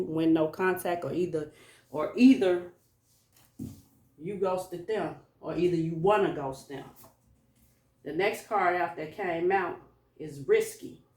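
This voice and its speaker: An informal tarot reader gives a casual spoken reading in an echoey room, musing aloud to a collective audience. The voice is medium-pitched with a darkish tone and sits far from the mic.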